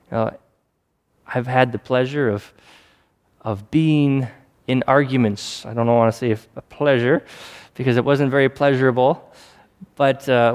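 Man preaching in a reverberant hall. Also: medium pitch. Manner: conversational preaching with acted-out asides. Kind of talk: sermon.

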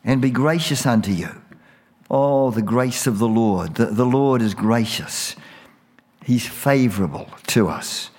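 A man preaching a sermon as a pastor, slow and emphatic, repeating phrases for weight. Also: mid-range voice, darkish tone, husky, big-room sound.

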